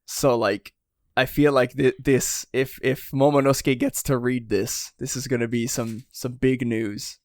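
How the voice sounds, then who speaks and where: A man's voice: mid-range voice, unhurried, no room sound, studio quality. A man co-hosting a podcast in casual chat, rambling with many fillers and restarts and acting out quotes. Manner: acts out character quotes in lively voices. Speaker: podcast co-host.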